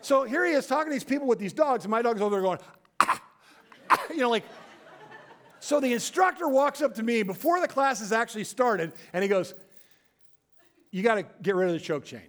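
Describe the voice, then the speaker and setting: A male pastor preaching a sermon in a storytelling way, acting out quoted voices and dropping to a quiet, low voice for emphasis. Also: animated, a little fast, a faint crowd.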